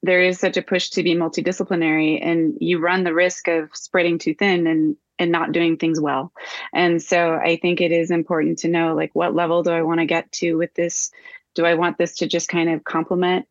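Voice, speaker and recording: A woman scientist speaking on a panel discussion, measured and thoughtful. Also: fairly low pitch, flat delivery, no echo, highs cut off.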